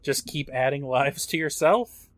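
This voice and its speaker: A man with a bright, sharp voice, co-hosting a podcast with jokey reactions and quick asides. He is recorded close on a dry microphone. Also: fairly high pitch, dry recording. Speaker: podcast co-host. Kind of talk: casual chat.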